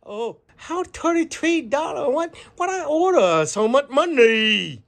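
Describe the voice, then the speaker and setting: A woman's voice: high voice, big pitch swings, a little slow, vocal fry, heavily acted. A woman voicing an angry, fussy restaurant customer in a put-on Chinese accent, repeating herself in broken English. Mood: outraged.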